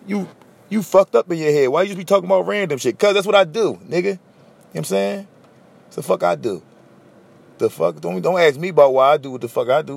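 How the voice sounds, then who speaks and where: Gravelly blunt Philly man ranting. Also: fairly high pitch. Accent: Philadelphia. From Philadelphia. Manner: blunt, profane, animated storytelling. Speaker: podcast host. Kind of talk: casual solo podcast rant.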